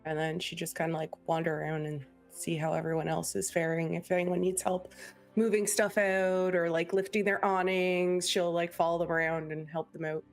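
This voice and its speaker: A woman's voice: lowish voice, flat delivery, normal speed, soft background music. A woman playing a tabletop game, playful and joking. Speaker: player. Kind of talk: casual tabletop play.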